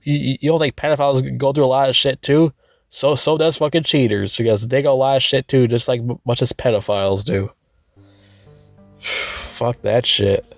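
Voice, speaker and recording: A man casually reviewing a movie, rambling and swearing a lot, with sudden loud, incredulous rants. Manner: rambling and crude, with frequent swearing and fillers; breaks into loud, high-pitched incredulous rants.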